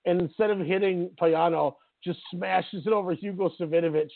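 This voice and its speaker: A man's voice: high voice, fairly quick, creaky, hardly any pauses, no room sound. A man co-hosting a casual wrestling podcast, telling stories with enthusiasm and acting out quotes. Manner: enthusiastic, animated storytelling with acted-out quotes. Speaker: podcast co-host. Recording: tinny phone-like audio, dry.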